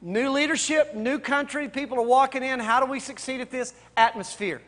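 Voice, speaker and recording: A man's voice: extremely high pitch, brisk, a bit bright. A man, a pastor, teaching a Bible study, firing off rhetorical questions, repeating key points and speaking straight to his listeners in a casual way. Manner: addresses listeners directly and casually.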